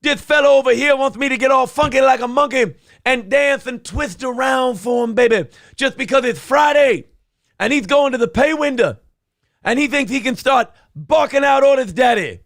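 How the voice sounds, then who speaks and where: A man's voice: extremely high pitch, normal speed, gravelly, a bit bright, dry recording, studio quality, pitched above the performer's own voice, full character voice. A man doing an impression of a brash older male wrestler, ranting in a folksy drawl and calling everyone daddy.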